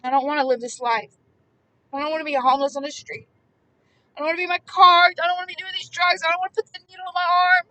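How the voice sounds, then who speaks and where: A woman's voice: high-pitched, quick pace, few pauses, a bit bright, dry recording, low-quality recording. A woman crying out as a desperate man begging for help. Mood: anguished. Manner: pleading, anguished outbursts.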